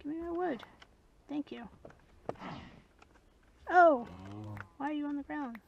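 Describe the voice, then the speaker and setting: A woman giving gameplay commentary, muttering and whispering to herself and scolding the animals in loud bursts. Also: high-pitched, slow pace, vocal fry, highs cut off, a little hiss or hum. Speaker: gamer.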